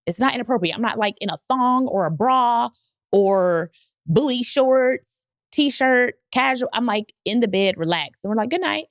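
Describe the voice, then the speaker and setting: A woman's voice: on the high side, a little slow, no echo, clean studio sound. A woman podcast host telling a personal story in a candid, casual way, often laughing and quoting people.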